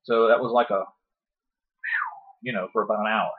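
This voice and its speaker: Profane animated man, lo-fi podcast. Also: lowish voice, normal speed. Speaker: podcast guest. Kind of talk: casual storytelling. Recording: dull lo-fi podcast audio.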